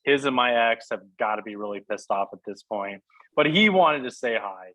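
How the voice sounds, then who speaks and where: A man's voice: mid-range voice, expressive, moderate pace, fairly bright tone, rough recording. A man hosting a podcast, bantering casually and teasing his guests. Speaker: podcast host.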